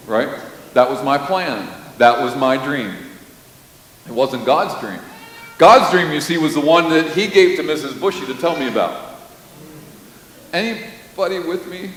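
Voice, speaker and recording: A pastor preaching a sermon, telling stories with lively, animated delivery and sudden loud bursts. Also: male voice, a little high, normal speed. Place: church sanctuary. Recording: roomy hall reverb with faint hiss.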